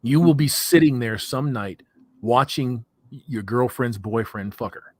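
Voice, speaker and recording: A man's voice: medium pitch, unhurried, darkish tone, no room sound. Emphatic profane man, dry sound. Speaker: livestream guest. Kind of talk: casual livestream chat.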